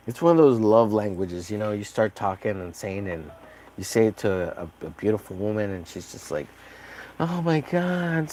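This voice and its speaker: A man chatting casually on a livestream while painting, rambling and joking at his own expense. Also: on the low side. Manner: rambling, jokey, self-deprecating. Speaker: livestreaming artist.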